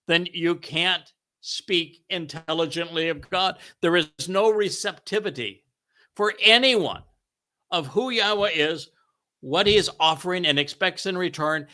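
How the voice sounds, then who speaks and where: A man with a fairly high, bright, forceful voice leads a scripture study. He preaches emphatically, drops into sarcasm and laughs often mid-sentence. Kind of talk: animated preaching commentary.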